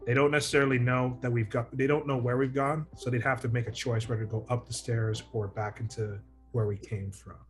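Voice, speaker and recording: A man's voice: mid-range voice, little pitch movement, brisk, few pauses, faint music behind. Man thinking aloud at a game table. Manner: thinks aloud with many restarts. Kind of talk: casual game table chat.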